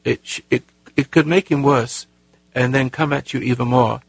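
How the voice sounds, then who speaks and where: A man hosting a call-in advice show, talking in a halting, earnest way with many repeated words and a raspy voice. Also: medium pitch, steady tone, no room sound. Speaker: radio call-in host.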